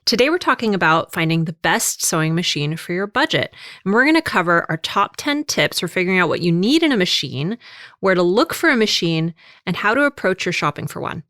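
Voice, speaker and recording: A woman's voice: fairly low pitch, very animated, a little fast, pushed and bright, dry recording. American woman, podcast host, casual chat, frequent laughs, dead dry recording. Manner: laughs often while talking.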